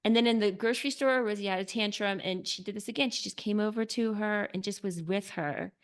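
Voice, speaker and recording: A woman author talking earnestly as a podcast guest, often filling with "like" and dropping to a soft hush when describing calm. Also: medium pitch, a little fast. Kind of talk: podcast interview.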